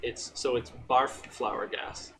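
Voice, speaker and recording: A man's voice: medium pitch, steady tone, slow, noisy background. A man streamer giving joking, wry commentary on his own gameplay. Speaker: gaming streamer.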